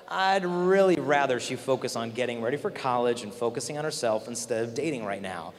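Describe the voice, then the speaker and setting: A man's voice: mid-range voice, a little fast, hardly any pauses. A man telling stories to a large young audience at a conference, acting out the people he quotes. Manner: animated, acts out quoted voices. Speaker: conference speaker. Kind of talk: storytelling talk to a youth audience. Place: large convention hall. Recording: long hall reverb, faint noise.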